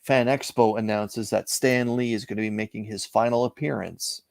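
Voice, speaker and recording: Man, middle-aged, from Canada, gravelly voice, dry close sound, reflective storytelling. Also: fairly low pitch, steady tone, a little mellow, dry recording. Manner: measured, reflective storytelling with frequent "uh" pauses. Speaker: interview guest, comic collector. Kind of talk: casual storytelling interview.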